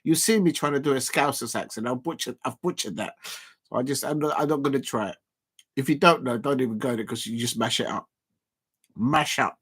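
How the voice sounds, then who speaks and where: A man hosting a casual live stream, calling a snooker match in a chatty, rambling, self-deprecating way with lots of filler pauses. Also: medium pitch, fairly bright tone, breathy edge. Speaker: YouTube live-stream host.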